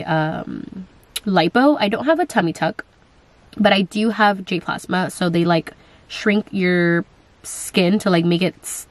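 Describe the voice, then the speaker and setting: A woman's voice: mid-range voice, no echo. A young woman in casual chat, answering viewer questions on her vlog, talking in a chatty way with lots of fillers and quoted asides.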